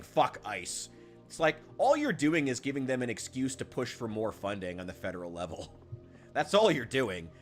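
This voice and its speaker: A man streaming a game, ranting heatedly with lots of swearing and answering his chat, often trailing off into quiet, muttered asides. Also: medium pitch. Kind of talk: casual live-stream talk, reacting to chat.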